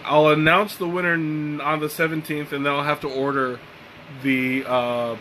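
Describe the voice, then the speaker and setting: A tired, relaxed man hosting a live tea-tasting stream, chatting casually and rambling with lots of fillers and restarts. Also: fairly high pitch, normal speed, slight background noise, low-quality recording. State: tired and mellow. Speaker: tea livestream host.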